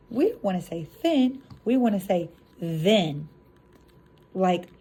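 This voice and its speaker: Young woman, phonics teacher, animated classroom voice, mellow and a bit breathy. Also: mid-range voice. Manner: casual asides to other teachers. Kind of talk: phonics lesson demonstration.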